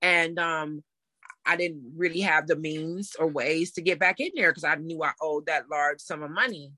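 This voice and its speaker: A woman in her thirties telling a story in a casual interview, animated and laughing as she acts out what people said. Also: low voice, moderate pace, no echo. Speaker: interview guest.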